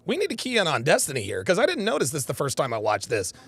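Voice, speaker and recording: A man's voice: fairly high pitch, quick pace, breathy edge, no echo. A man hosting a live reaction commentary, talking emphatically and repeating himself for stress. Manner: animated, repetitive emphatic phrasing. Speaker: host.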